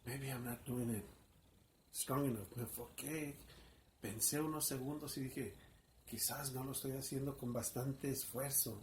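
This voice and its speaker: Guy pastor telling his testimony, earnest, gets emotional, average pitch, bit of hiss behind. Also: fairly even intonation, moderate pace, a little mellow. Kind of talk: personal testimony.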